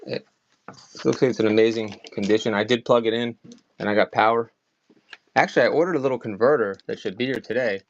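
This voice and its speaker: A man with a slight Maryland accent chats loosely as he sells items on a live stream, full of casual fillers. His voice sits at an ordinary middle pitch. The audio is a little dull and lo-fi, with faint clicking behind him. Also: fast, a little hiss or hum. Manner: rambling, chatty, many "like" fillers. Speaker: online auction seller. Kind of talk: casual live-selling chat.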